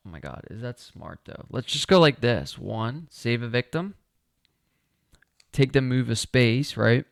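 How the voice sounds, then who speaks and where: A man plays a board game live and talks himself through each turn, counting spaces and checking in with viewers. His voice is smooth and resonant, and it sits close and dry on the mic with no room sound. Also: medium pitch, expressive, a little slow, dry recording. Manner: thinking aloud, asking viewers, counting moves. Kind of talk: casual solo game playthrough.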